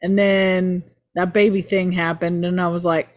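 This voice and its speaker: A woman's voice: fairly low pitch, a little slow, few pauses, a little mellow. A woman on a movie review podcast, talking casually, speaking emphatically and swearing. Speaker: podcast co-host.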